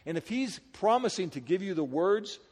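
At a normal speed, a male pastor gives a spirited sermon, his high voice shifting from loud peaks to hushed asides. He chats casually with the congregation through frequent rhetorical questions, and the large hall lends a long reverb.

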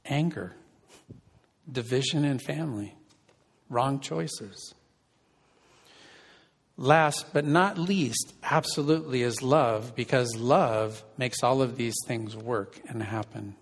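A man's voice: mid-range voice, takes it slowly, long pauses, slightly rough. A man preaching a sermon as pastor and counselor, conversational and asking the congregation questions. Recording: reverberant hall.

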